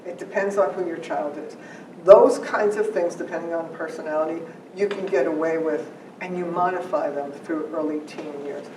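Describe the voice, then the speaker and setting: An animated, teasing presenter giving an informal workshop talk to parents, telling stories as they go. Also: mid-range voice, moderate pace. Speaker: workshop presenter on working memory. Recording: echoey room, far mic, background noise.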